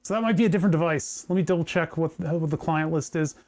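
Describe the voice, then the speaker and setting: Male streamer, higher pitch, casual rambling tinkering talk with wry jokes. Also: quick pace, darkish tone. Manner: rambling, joking, talks to chat while working. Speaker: maker streaming a hardware project.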